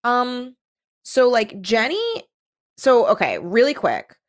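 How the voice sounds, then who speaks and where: A woman co-hosting a casual chat, retelling a story with lots of "like" and quick voiced asides. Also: fairly high pitch, big pitch swings. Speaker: podcast co-host. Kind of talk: casual chat recapping a book.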